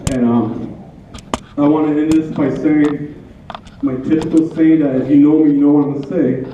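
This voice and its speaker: A man's voice: fairly high pitch, steady tone, moderate pace, a little hiss or hum. Man telling a heartfelt story in an echoey hall. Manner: heartfelt, rambling anecdotes with repeated phrases. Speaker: widower giving a tribute speech. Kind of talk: personal storytelling speech. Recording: echoey hall, tinny and from far off.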